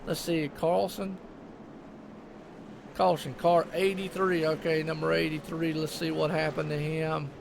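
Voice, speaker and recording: A man's voice: fairly high pitch, level tone, unhurried, vocal fry, background noise. A man with a Southern US accent giving live commentary on an online sim race in a folksy, chatty way. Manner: folksy, chatty, lots of "I tell you what" and "y'all".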